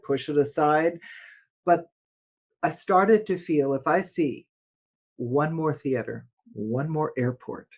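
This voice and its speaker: An older woman, a former opera singer, telling stories as a guest in a casual interview, expressive and quick to laugh. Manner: expressive, laughs often, dramatic shifts in pitch and loudness.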